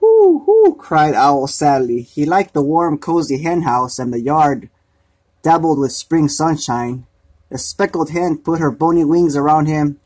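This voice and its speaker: A man gently reading a children's storybook aloud, unhurried. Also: a little high, steady tone, slightly rough.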